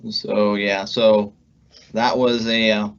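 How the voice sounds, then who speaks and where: A man telling his own stroke recovery story, halting with frequent restarts and searching pauses as he recovers his speech. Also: fairly low pitch, level tone, smooth, muffled recording. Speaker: pharmacist recounting his recovery. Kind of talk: personal testimony.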